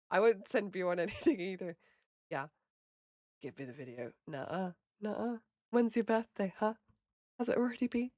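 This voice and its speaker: A livestreamer in her late twenties with an English accent chats casually with her viewers, laughing often and swearing freely. Her mid-range voice is captured in a dry, clean studio recording.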